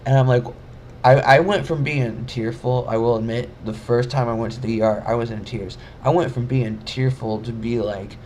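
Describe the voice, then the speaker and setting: A man's voice: on the low side, steady tone, normal speed, a little mellow, slight background noise. A young man telling a personal story in a casual vlog, rambling and emotional, with many fillers and restarts. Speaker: vlogger.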